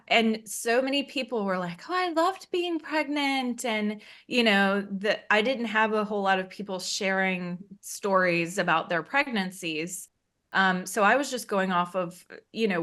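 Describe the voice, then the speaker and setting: A woman's voice: mid-range voice, fairly bright tone. A woman speaking as an interview guest, telling her own story frankly and conversationally and laughing often. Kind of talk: candid personal story.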